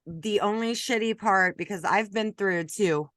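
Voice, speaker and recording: A woman's voice: mid-range voice, normal speed, a bit bright, no room sound, studio quality. A woman hosting an interview, chatting casually and bluntly with loose swearing. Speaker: interview host. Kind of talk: casual chat.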